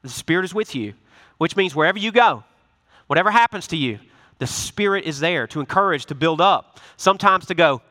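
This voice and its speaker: A male pastor giving a lively, conversational sermon, acting out little asides as he goes. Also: on the high side, fairly quick, in a large hall. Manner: animated, conversational preaching with acted-out asides.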